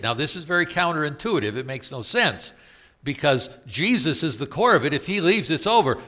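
A man's voice: fairly high pitch, very animated, normal speed, sharp tone. A man with a Southern US accent preaching a sermon, retelling scripture in a plain conversational way and asking his listeners questions. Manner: paraphrasing scripture in conversational asides.

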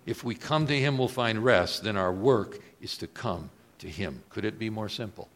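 A man preaching a sermon, moving between quiet reflective lines and loud, emphatic questions put to the congregation. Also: moderate pace. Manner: swings from soft low asides to loud emphatic rises; asks the audience questions.

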